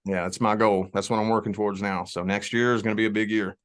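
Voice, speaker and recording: A man's voice: fairly low pitch, fast talker. A man from the Kentucky area with a Southern accent, talking casually as an interview guest and often restarting his words. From Southern Indiana / Louisville, Kentucky area. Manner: relaxed, repeats words when starting, frequent "you know". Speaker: guest, spiritual reader.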